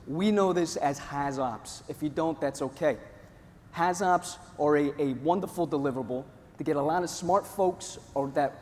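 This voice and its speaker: A man from Northeast Pennsylvania giving a jokey, energetic conference talk to a live audience. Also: fairly high pitch. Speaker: conference presenter. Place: large conference hall. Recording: hall reverb, faint room noise.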